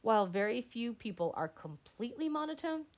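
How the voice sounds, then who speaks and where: Woman reading a lesson, lively pitch. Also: fairly quick. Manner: reads aloud with frequent slips and self-corrections. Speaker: instructor reading a textbook chapter. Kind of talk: lecture read aloud.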